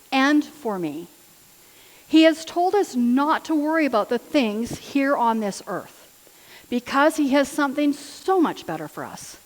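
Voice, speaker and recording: A woman giving a sermon in an earnest, personal storytelling manner. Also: high-pitched. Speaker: lay preacher. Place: church hall. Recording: church hall with long reverb.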